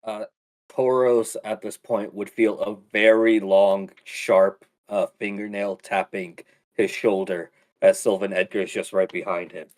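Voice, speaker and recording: A man narrates his character's moves in a tabletop game with a playful touch. His voice sits low. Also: steady tone, unhurried, darkish tone. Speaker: player.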